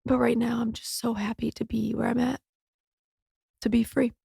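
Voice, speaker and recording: A woman in her thirties speaks in a high voice, thick with vocal fry. She hosts her own podcast and talks in a raw, heartfelt way, swearing casually along the way. The sound is close and dry, with no room around it. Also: little pitch movement, normal speed, warm tone, dry recording. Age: 30s. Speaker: podcast host. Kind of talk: personal podcast monologue.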